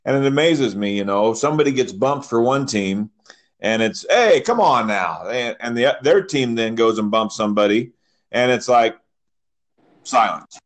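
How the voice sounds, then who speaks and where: A man co-hosting a podcast, animated as he tells referee stories and mimics yelling fans. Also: mid-range voice, moderate pace. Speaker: podcast co-host, soccer referee. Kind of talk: casual chat.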